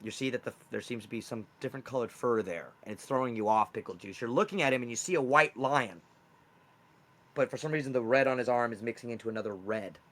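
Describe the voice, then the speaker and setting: A man's voice: mid-range voice, fast talker, a bit bright. A young man running a tabletop game as game master, explaining loosely and rambling with fillers.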